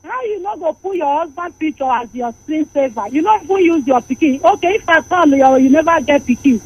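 High-voiced Nigerian woman calling in. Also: animated, brisk, highs cut off. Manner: scolding, opinionated. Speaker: radio caller. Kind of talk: call-in radio talk in Nigerian Pidgin.

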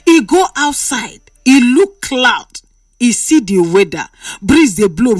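A woman with a Nigerian Pidgin accent, hosting and reading out viewer messages in an animated, dramatic, teasing storytelling manner. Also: fairly high pitch, measured pace, no echo, clean studio sound, distant mic, faint music behind. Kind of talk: casual storytelling commentary.

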